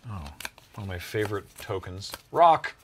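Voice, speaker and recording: A man's voice: medium pitch, lively intonation, normal speed, noisy background. A man chatting casually on a card-game stream, wry as he sorts through a collection aloud. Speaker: show regular.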